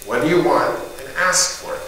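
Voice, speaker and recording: A man's voice: fairly high pitch, moderate pace, vocal fry. Middle-aged man telling a story in an echoey hall. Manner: animated storyteller acting out neighbors with loud shouted voices. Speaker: motivational speaker. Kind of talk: storytelling keynote speech. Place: event hall in front of a live group. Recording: distant echoey hall recording with noise.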